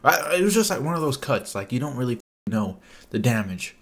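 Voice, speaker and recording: A man's voice: medium pitch, very animated, brisk, fairly bright tone. Young guy doing a casual storytime vlog, swears a ton, says "like" constantly. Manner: rambling, profane, full of "like" fillers. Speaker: vlogger.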